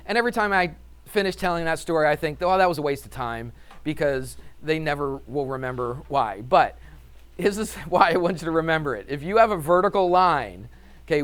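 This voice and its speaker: Animated, chuckling male math teacher. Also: on the high side. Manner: animated, laughs often, acts out story. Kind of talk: classroom storytelling lesson. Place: classroom.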